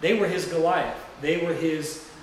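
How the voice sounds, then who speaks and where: This is a pastor's sermon captured from a distance in a very echoey church sanctuary, with slight background noise. His voice is a little high and his speed normal, and he tells a story in a loose, rambling, conversational style.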